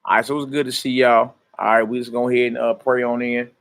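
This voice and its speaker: A man's voice: mid-range voice, little pitch movement, fast talker, gravelly, a bit bright. A man in a mid-range voice leads a casual livestream sermon. He talks to his viewers in loose street slang, greets them by name and drifts easily between chat and scripture. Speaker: minister teaching scripture.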